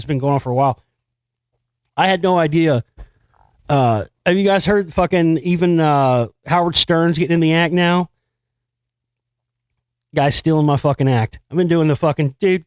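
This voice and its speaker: A man's voice: on the high side, no room sound. A man hosting a show, casually riffing on news stories in a profane, rambling and sarcastic way. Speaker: host. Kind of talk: casual monologue commenting on news.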